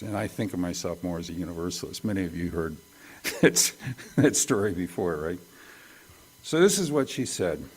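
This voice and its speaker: A male pastor giving a conversational sermon at a church service, folksy and quick to joke about his own slips. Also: low voice, darkish tone.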